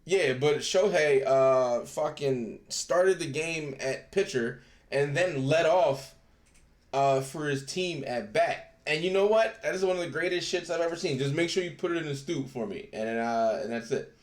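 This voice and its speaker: A man's voice: a little high, moderate pace. A man hosting a live stream, chatting casually with viewers. He swears freely and laughs often. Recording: roomy echo.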